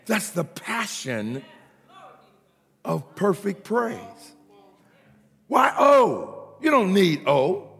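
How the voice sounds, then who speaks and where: A man preaching a sermon in a church, often shouting and building rhythmic repeated lines, with a gravelly voice. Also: fairly high pitch, big pitch swings, slow pace. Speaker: pastor. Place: church sanctuary. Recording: long reverb of a large hall.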